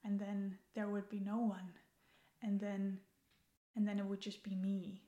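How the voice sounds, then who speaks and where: A woman's voice: mid-range voice, monotone, unhurried, mellow, highs cut off. A young woman, a podcast guest, talking casually and thoughtfully, often repeating herself and laughing easily. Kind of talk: casual chat. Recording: echoey room.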